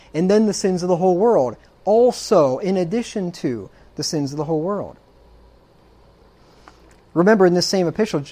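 Emphatic preacher with dry sarcasm. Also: male voice, a little high, a little mellow. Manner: emphatic, frequent rhetorical "right?" checks. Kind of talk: sermon.

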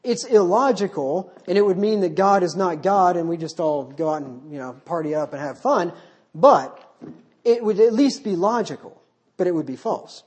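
A man's voice: high voice, expressive, normal speed, darkish tone, breathy edge. A man preaching a verse-by-verse Baptist sermon without notes, reading scripture aloud and asking his listeners rhetorical questions. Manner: unscripted, poses rhetorical questions.

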